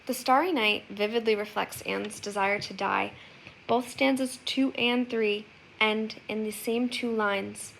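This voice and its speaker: A woman's voice: mid-range voice, steady tone, unhurried, creaky, a bit bright, slight background noise, rough recording. A young woman giving an earnest class oral presentation as a student, reading a poem aloud and reflecting on it. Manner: earnest, reflective, with occasional fillers.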